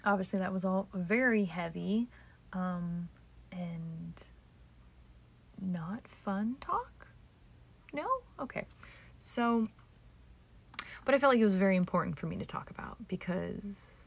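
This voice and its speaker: Woman podcasting alone at home, lowish voice, blunt and self-mocking, swears a lot. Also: creaky, breathy edge. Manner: candid, sweary, self-deprecating, drifting into whispers. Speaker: podcast host. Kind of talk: solo podcast monologue. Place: home, indoors.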